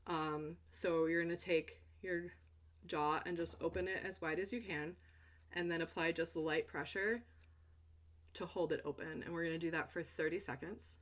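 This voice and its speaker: A young adult woman, a voice teacher, talking through a stretch routine in a relaxed, chatty way with fillers and asides. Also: fairly low pitch, moderate pace. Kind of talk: instructional stretch demonstration.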